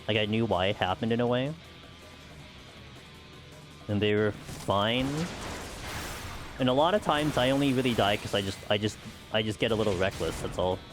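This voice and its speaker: A man's voice: lowish voice, normal speed, long pauses, over music. A man streaming a game, chatting casually with viewers in a rambling way full of "like" and "you know". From United States. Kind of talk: casual chat while playing.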